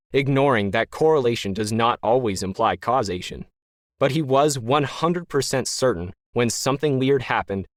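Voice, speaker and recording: A man narrating a science-fiction story in a wry, deadpan manner. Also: medium pitch, dry recording, clean studio sound. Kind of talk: scripted narration.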